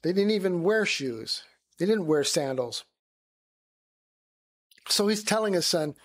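Male Bible teacher, high voice, conversational sermon style. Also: animated, a little slow, pauses often. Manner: conversational, acts out quoted voices.

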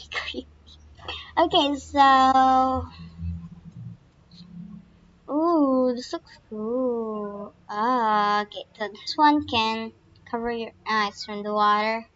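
Excitable high-voiced woman playing a game. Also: slow, pauses often, a little hiss or hum. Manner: excitable, squeals and gasps, many fillers. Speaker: gaming channel host. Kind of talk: casual game commentary. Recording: dull lo-fi recording.

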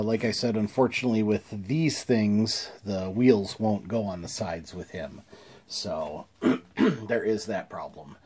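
A man's voice: fairly low pitch, a little mellow, breathy edge. A man casually reviewing toys, easygoing with many fillers and small chuckles, a little congested. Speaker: toy reviewer.

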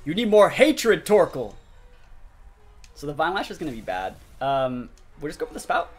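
Young male streamer, lively swooping voice, husky edge, game music under, excitable live commentary. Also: a little high, moderate pace. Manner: excitable, talks to chat, sudden loud outbursts. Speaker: gaming streamer. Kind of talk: live commentary over gameplay. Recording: faint music behind voice.

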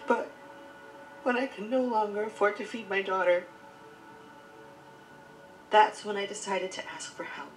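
An actress as a proud, grieving widowed young mother in a scripted web drama, earnest and heartfelt as she speaks. Her mid-pitched voice rings in a roomy space, and clear music plays underneath. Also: unhurried, long pauses, close to an everyday voice. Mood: sorrowful. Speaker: struggling mother.

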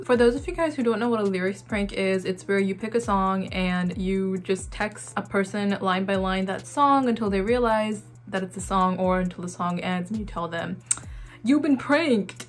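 A young woman vlogging in a chatty, giggly, nervous way as she narrates a text prank. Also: mid-range voice. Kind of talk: casual vlog chat.

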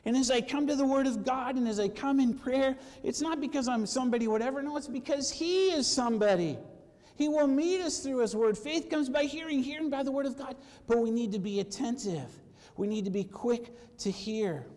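A man preaching a sermon to his congregation, lively and conversational, calling for amens and acting out quoted voices. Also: very high-pitched, normal speed, long reverb tail. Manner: animated, acts out quoted voices, asks for amens. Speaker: pastor. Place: church sanctuary.

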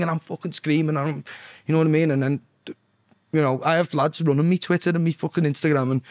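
Guesting on a podcast, a young Liverpudlian singer talks casually, cursing a lot and repeatedly checking "do you know what I mean". The recording is clean studio sound with no room tone, and his pitch sits fairly high.

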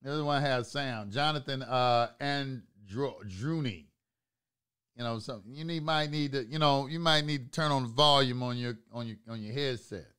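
A man hosting an online talk channel, delivering an emphatic, preachy monologue to live viewers, repeating phrases for emphasis and swinging from low asides to loud outbursts. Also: normal speed, smooth.

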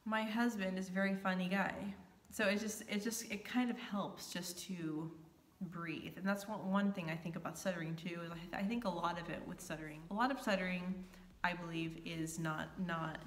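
A woman's voice: lowish voice, slight background noise. A woman vlogger talking casually to camera, stuttering often and repeating sounds and words. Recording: echoey room.

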